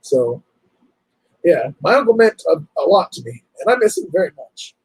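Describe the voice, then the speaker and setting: A man hosting a casual livestream, talking in an emotional, halting, apologetic way. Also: sits high, big pitch swings, darkish tone, breathy edge, no room sound, rough recording. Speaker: livestream host.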